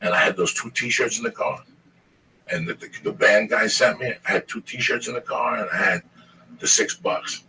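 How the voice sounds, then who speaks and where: Profane rambling storyteller man, bright tone. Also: medium pitch, fairly even intonation, moderate pace. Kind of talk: casual storytelling chat. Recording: distant mic with faint noise.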